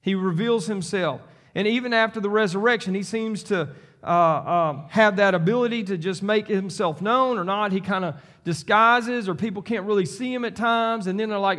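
High-voiced, emphatic male preacher. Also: fairly quick, fairly bright tone. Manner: emphatic and repetitive, preaching on scripture; talks directly to the congregation. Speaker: pastor. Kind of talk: sermon.

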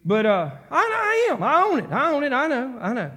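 A man's voice: very high voice, huge pitch swings, fairly quick, bright, forceful tone. A man preaching a sermon to his church, building to emphatic repeated phrases. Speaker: pastor. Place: church sanctuary.

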